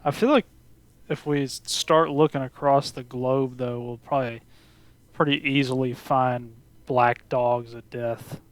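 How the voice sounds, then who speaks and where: Male podcast co-host, laid-back banter, smooth voice, dry close sound. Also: mid-range voice, measured pace, no room sound. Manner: relaxed, joking, trails off quietly. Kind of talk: casual podcast chat.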